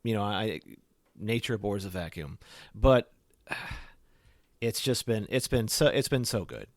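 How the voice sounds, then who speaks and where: Low-voiced rambling man on a podcast. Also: expressive, a little slow, dry recording, clean studio sound. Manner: rambling, many "you know" fillers. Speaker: podcast host. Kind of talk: casual podcast chat.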